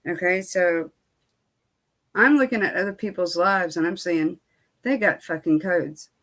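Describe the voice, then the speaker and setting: A woman's voice: on the low side, measured pace, a bit bright. A woman beauty vlogger telling a storytime in casual chat, candid and venting, with lots of fillers and quoted back-and-forth.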